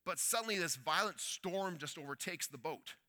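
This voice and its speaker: A man preaching a sermon, telling a story that swings between loud urgency and hushed quiet. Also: on the high side, animated, normal speed.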